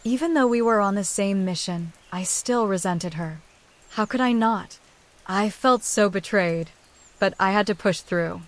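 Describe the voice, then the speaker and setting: A woman telling a first-person horror story in a plain, steady way. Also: medium pitch, unhurried.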